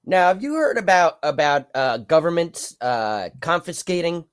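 A man from New York with a somewhat high voice, talking bluntly on a podcast. He swears freely and keeps a plain, casual tone. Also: big pitch swings, normal speed, clean tone. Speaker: podcast co-host. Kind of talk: casual chat.

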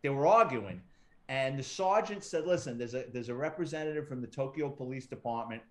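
With lively intonation and a fairly quick pace, this middle-aged man speaks at medium pitch. He's a retired police detective being interviewed, spinning profane, wisecracking stories and performing other people's quotes.

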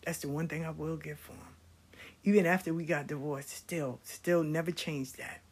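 A middle-aged woman telling stories about her life in a casual, blunt and animated way, swearing freely. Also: sits low, moderate pace, slightly rough. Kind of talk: casual storytelling.

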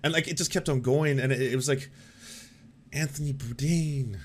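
A man's voice: mid-range voice, normal speed, a little hiss or hum. A man hosting an online commentary show, riffing sarcastically with profanity and frequent laughter. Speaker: host. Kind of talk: casual commentary.

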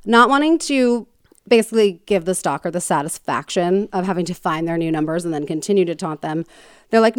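A woman's voice: on the low side, animated, fairly quick, clean tone, no echo, studio quality. Chatty woman telling a true crime story. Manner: chatty, many fillers like "um" and "like", jokey asides. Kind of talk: casual storytelling chat.

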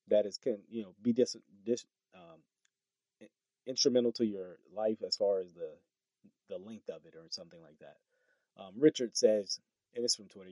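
A man's voice: medium pitch, no room sound. Guy doing a commentary vid reading tweets, incredulous, trips over words a lot, dry close sound. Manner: animated, incredulous, stumbles over words with laughs. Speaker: political commentary host.

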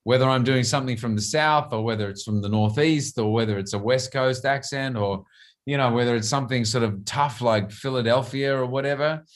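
A middle-aged man with an Australian accent talks through his answers in a relaxed interview. He often repeats a word while he works out what to say next. His voice sits at an ordinary pitch for a man. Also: brisk. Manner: thoughtful, repeats words while searching for phrasing. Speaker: actor guest.

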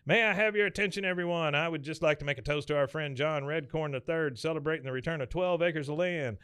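A man putting on the voice of an excitable, chatty small-town neighbor man while retelling a cartoon episode. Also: on the high side, fast, clean tone, voice pushed up, close to an everyday voice. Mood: excited.

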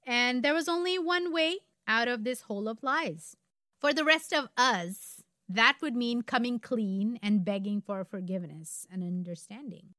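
A woman's voice: on the high side, unhurried, bright, forceful tone, dry recording, studio quality. A woman in her forties from India, co-hosting a podcast and telling a true crime story in a casual way with wry asides.

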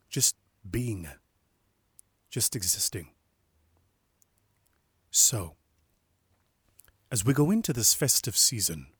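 A young adult man giving a reflective spoken meditation in a slow, measured way, softly emphatic and sometimes dropping to a whisper. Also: fairly low pitch, breathy edge, dry recording. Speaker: inspirational speaker.

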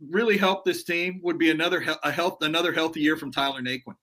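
A man's voice: fairly high pitch, steady tone, fast talker, pushed and bright. A man co-hosting a casual sports podcast who often stammers and repeats words. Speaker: podcast co-host.

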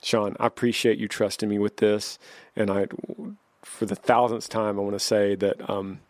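Earnest, low-voiced man giving advice. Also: flat delivery, moderate pace, a little mellow, no echo. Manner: heartfelt, repeats words, restarts sentences. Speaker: podcast host answering listener questions.

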